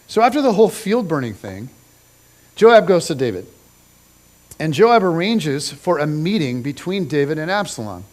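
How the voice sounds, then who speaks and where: A middle-aged man preaching a sermon in a casual, conversational storytelling style, acting out the people in his story with lively slang. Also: on the high side, normal speed. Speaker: pastor. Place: church stage.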